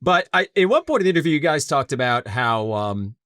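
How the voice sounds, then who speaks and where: A man's voice: mid-range voice, very animated, a little fast, a bit bright, no room sound, clean studio sound. A man co-hosting an interview, asking long, friendly, enthusiastic questions. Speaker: co-host interviewer. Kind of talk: casual interview conversation.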